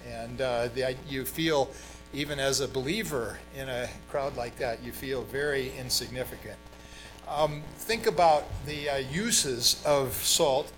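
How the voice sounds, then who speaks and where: A man's voice: mid-range voice, a bit bright, low-quality recording. A middle-aged man who grew up in Brazil, preaching a sermon in a conversational way, with fillers and emphatic stresses. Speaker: pastor.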